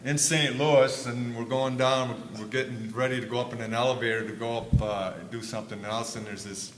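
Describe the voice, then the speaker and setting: An older man on a conference panel telling lively stories, acting out quotes loudly. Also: medium pitch, fairly quick. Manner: animated storyteller, acts out quotes loudly. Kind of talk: storytelling on a panel. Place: conference stage. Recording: echoey room with faint noise.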